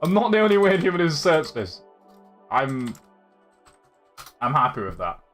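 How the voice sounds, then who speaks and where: A man's voice: on the high side, big pitch swings, moderate pace, fairly bright tone, faint music behind. A young man from Yorkshire with a light Yorkshire accent, chatting casually on a live stream, reading chat aloud and laughing often as he rambles. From Yorkshire, England. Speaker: livestream host.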